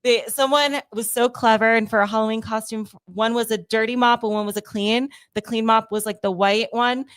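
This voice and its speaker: A woman's voice: fairly high pitch, fairly even intonation, fairly quick, hardly any pauses, fairly bright tone, clean tone, dry recording. A woman co-hosting a podcast, chatting casually in an easygoing way. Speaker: podcast co-host. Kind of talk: casual chat.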